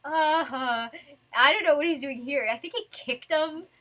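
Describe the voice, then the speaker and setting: A young woman with a bright, forward voice and a slightly high pitch rambles excitedly through a comic review. Her talk is loose and gushing, with casual cursing thrown in. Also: normal speed. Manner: rambling, excitable fan commentary with casual swearing. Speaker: manga reviewer.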